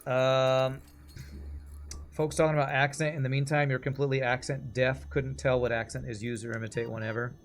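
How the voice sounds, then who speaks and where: Medium in pitch, flat in delivery, and brisk, this game streamer is a man in his forties from Texas, USA, with an American accent. He rambles chattily through casual game commentary and reads out chat, with faint game music in the background.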